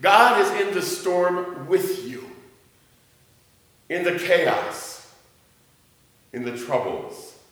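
A man preaching a sermon as pastor, joking with his congregation and swinging between booming emphasis and quiet asides. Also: lively intonation, very slow, pauses often. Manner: jokey with the congregation. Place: church sanctuary. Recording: roomy church reverb.

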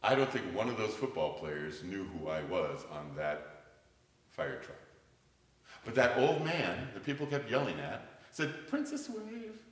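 An older male pastor preaching a sermon, telling stories animatedly and swinging from loud to hushed. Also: low-pitched, sing-song, measured pace. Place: church sanctuary. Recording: echoey church hall.

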